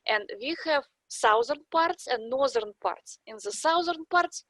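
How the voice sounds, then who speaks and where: High-voiced woman with a thick Russian accent. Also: expressive, measured pace, a bit bright, dry recording. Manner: lecturing, explains step by step with examples. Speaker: expert guest. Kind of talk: podcast interview, explaining.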